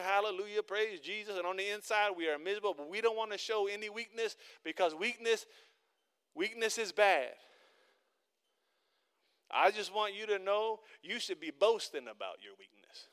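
Guy pastor giving a sermon in church, smooth bright voice, chatty stories then punchy repeated lines. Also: sits high, normal speed, long pauses. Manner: conversational storytelling that builds into emphatic repeated exhortation.

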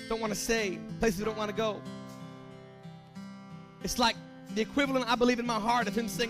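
A man preaching a sermon in an animated, emphatic way, firing off rhetorical questions at the congregation. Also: sits high, fairly quick, music in the background.

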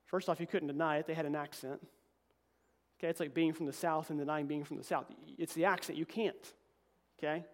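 A man preaching a sermon as pastor, reading scripture and swinging between emphatic peaks and quiet, low asides. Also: fairly quick. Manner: animated preaching, voice rising to emphatic peaks then dropping low.

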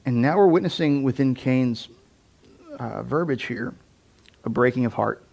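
A man's voice: medium pitch, measured pace, creaky. A man preaching a casual sermon, talking conversationally with many fillers and questions to the audience. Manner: animated, conversational, lots of "like", asks the audience questions. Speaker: pastor.

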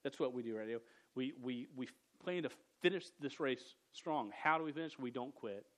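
A preacher with an earnest, middle-pitched voice delivers a sermon at a moderate pace, speaking directly to a young audience. He stutters, often repeating sounds and words before pushing on.

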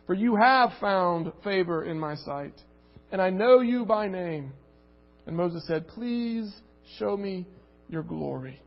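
A man's voice: high voice, lively intonation, slow pace, vocal fry. A man preaching a sermon and reading scripture aloud, earnest and emphatic, repeating words as he builds a point. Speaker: pastor. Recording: muffled recording with long reverb.

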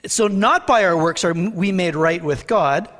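A man with a high voice delivers a sermon from the pulpit. He talks to the congregation in a plain, earnest way and slows down to stress the scripture he reads. His voice carries a long reverb from the church sanctuary. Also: fairly bright tone. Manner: earnest, conversational preaching with slow emphatic scripture reading. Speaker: pastor.

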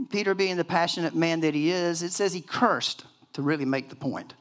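An older man in his sixties preaching from the pulpit, his voice pitched a touch higher than most men's. He tells stories casually and with animation, leaning on fillers as he acts out the scenes he describes. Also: a little fast, few pauses. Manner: animated storytelling with many fillers and acted-out quotes. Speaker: pastor. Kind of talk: sermon.

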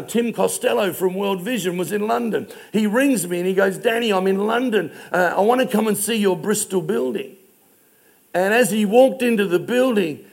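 A middle-aged man preaching from a church pulpit, his voice pitched high with a gravelly edge. He tells stories with emphasis and drags out the key words for weight. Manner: storytelling preacher, emphatic, slows down on key phrases. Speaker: pastor. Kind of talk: sermon.

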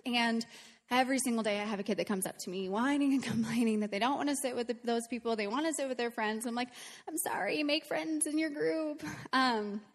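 A woman's voice: on the high side, quick pace, long reverb tail. A woman leading worship, telling a story to the congregation in a chatty, earnest way, with frequent "um"s. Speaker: worship leader. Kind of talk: casual talk to a congregation.

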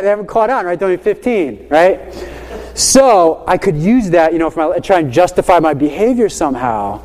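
A man with a high voice tells a long classroom story in a loose, animated way, full of "you know" and "like." His voice rings out with a long reverb behind it. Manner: animated, chatty, many fillers like "you know". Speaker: high school teacher. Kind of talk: casual storytelling.

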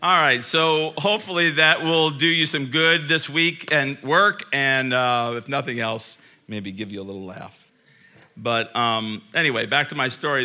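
Pastor guy preaching in church, super bright voice, chatty and jokey then quiet and earnest. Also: medium pitch, moderate pace. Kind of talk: sermon.

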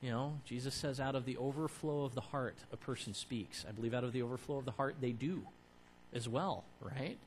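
A man preaches in a mid-range voice, talking to his congregation like a friend. He builds to emphatic, louder peaks. A faint hum sits under the recording. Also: mid-range voice, a little fast, poor audio. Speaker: pastor. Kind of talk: sermon.

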